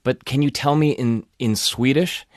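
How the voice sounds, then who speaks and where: A man's voice: medium pitch, moderate pace, no room sound. Curious, playful male podcast host, medium voice, dry close mic. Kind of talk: casual chat.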